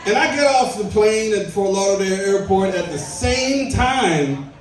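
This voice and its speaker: A man's voice: high voice, animated, measured pace, far from the mic, a little hiss or hum. A man from Trinidad and Tobago doing a live stand-up set in a comedy club, with brash, profane, punchy delivery. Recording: very echoey live room, off mic.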